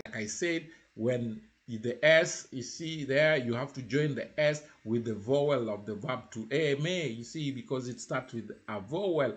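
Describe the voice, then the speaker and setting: Man, French teacher, beginner lesson, repeats himself, checks in with listener. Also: medium pitch. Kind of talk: language lesson.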